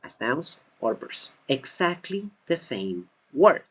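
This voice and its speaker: A male English teacher walks through a slide lesson at an unhurried, deliberate pace. His pitch rises and falls a lot as he repeats key phrases for emphasis. The recording sounds dull and lo-fi. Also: very animated, fairly bright tone, husky. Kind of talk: slide-based grammar lesson.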